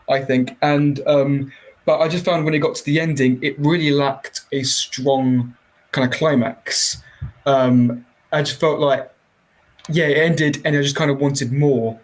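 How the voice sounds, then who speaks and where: A man's voice: mid-range voice, poor audio. A young man guesting on a film podcast, talking in a hesitant, rambling way full of fillers. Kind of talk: casual film review chat.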